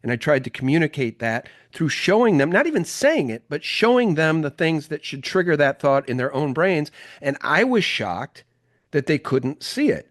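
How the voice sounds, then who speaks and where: A man's voice: fairly high pitch, sing-song, normal speed, dry recording. Emphatic male interview host, dry sound. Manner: emphatic, indignant. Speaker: podcast host. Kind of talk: conversational interview.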